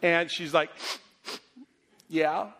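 A middle-aged male pastor preaching with a voice a little higher than most men's. He tells his story with self-deprecating humor, then drops to a soft, earnest tone. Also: steady tone, drawn-out words. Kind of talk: sermon.

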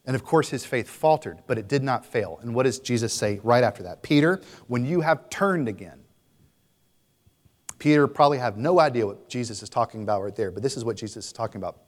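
A young man delivers a sermon to his congregation in a mid-pitched voice. He moves between relaxed, filler-laden asides and passionate, rising recitations of scripture. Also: brisk, big-room sound. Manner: animated preaching, voices scripture passages with rising intensity. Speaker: pastor.

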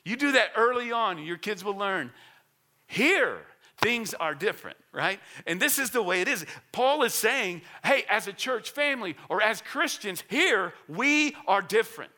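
A man's voice: high voice, bright, forceful tone. A middle-aged man preaching a sermon in a church, earnest and emphatic, often repeating words as he builds a point. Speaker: pastor.

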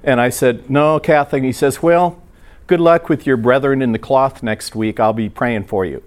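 A man giving a sermon, telling a story from his week in an easygoing, chatty way. He slips into the voices of the people he quotes and keeps the talk lively. His pitch sits in the middle range for a man. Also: normal speed. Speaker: preacher.

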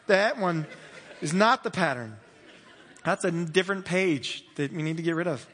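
A man's voice: on the high side, animated, normal speed, fairly bright tone, big-room sound. A man preaching a sermon in a church, chatty and laughing, acting out little voices along the way. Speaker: pastor.

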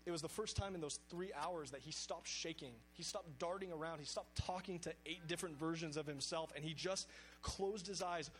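A man's voice: on the high side, brisk, slight background noise, poor audio. Earnest young man preaching a story sermon. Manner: earnest, animated storytelling with acted-out inner dialogue.

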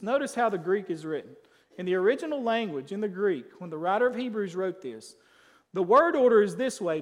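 A man preaching a sermon as pastor, emphatic, swinging between loud declarations and quiet asides. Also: high voice, long reverb tail.

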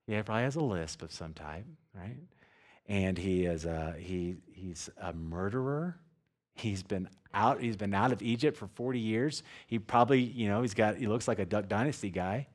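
A man's voice: fairly low pitch, moderate pace. A man preaching a sermon in a conversational way, with strings of rhetorical questions and frequent "right?" check-ins. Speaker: pastor.

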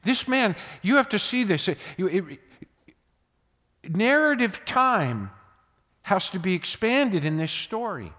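Older male preacher, high lively voice, slow deliberate delivery, loud bursts and hushed asides, long hall reverb. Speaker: pastor. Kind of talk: sermon.

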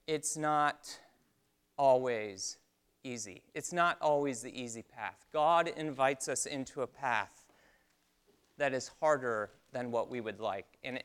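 Bright-voiced man preaching a story. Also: mid-range voice, clean tone. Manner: storytelling, animated, then slow and hushed for reflection. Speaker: pastor. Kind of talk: sermon.

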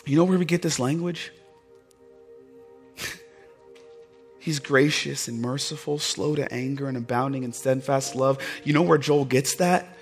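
A man preaching a sermon as pastor, impassioned and swinging from loud, fervent passages to hushed, tender ones. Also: mid-range voice, unhurried, long pauses, faint music behind.

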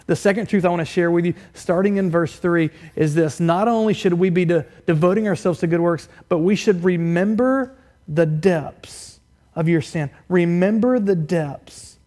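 High-voiced preacher asking pointed questions. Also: male voice. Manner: asks the congregation many direct rhetorical questions; rises loud and high for emphasis, drops quiet and low to press a point. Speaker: pastor. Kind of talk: sermon. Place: church.

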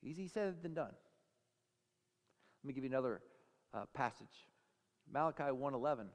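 A man preaching a sermon as pastor, telling stories in an animated way and acting out the voices of the people in them. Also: mid-range voice, normal speed, long reverb tail. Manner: animated storytelling, acts out quoted voices. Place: church sanctuary.

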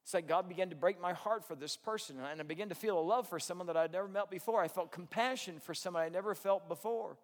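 A man preaching a sermon, telling a story with earnest, animated delivery. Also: high voice, fast, hardly any pauses. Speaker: pastor. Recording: long hall reverb.

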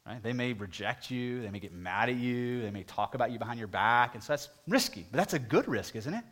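A pastor preaching a sermon, talking conversationally and putting direct questions to the congregation, his voice climbing higher and louder at emphatic moments. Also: lively intonation, fairly quick. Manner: rises in pitch and volume at emphatic points.

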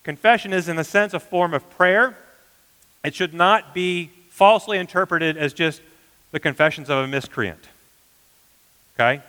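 Earnest pastor preaching in a reverberant hall. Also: male voice, a little high, moderate pace, long pauses. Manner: earnest preaching, dropping to hushed emphasis. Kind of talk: sermon.

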